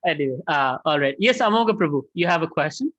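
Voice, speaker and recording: A man's voice: fairly high pitch, quick pace, no room sound. A man teaching a spiritual class online, answering questions and acting out prayers in a raised voice. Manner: lively, acts out prayers in a raised voice. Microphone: video call. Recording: dull lo-fi call audio.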